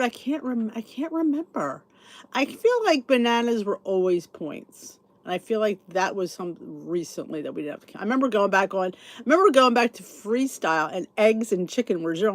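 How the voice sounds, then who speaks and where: Here the podcast host, a middle-aged woman, has a medium-pitched, expressive voice and talks a little fast. Though sleepy and yawning, she rambles on, thinking out loud and replying to the live comments she reads.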